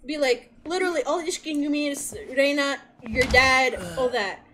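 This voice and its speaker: A young woman streamer giving casual, expressive gameplay commentary, swearing and ranting at the story. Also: sits high, a little fast, a crowd in the background. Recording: game music behind. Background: game music.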